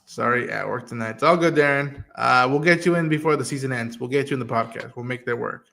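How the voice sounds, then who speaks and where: A man hosting a casual live-streamed podcast, retelling scenes quickly and acting out the lines. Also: mid-range voice, gravelly. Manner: quick, animated retelling of scenes with acted-out quotes. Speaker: podcast host.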